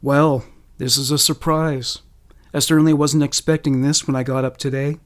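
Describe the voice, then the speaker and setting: A man's voice: medium pitch, flat delivery, moderate pace, lightly acted. A man voicing a father who asks breezy, probing questions with a hidden menace. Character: jovial father masking menace.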